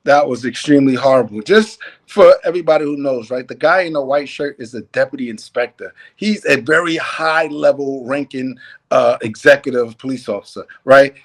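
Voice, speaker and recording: A man's voice: medium pitch, moderate pace. A man commenting on a police video, explaining ranks in a critical tone.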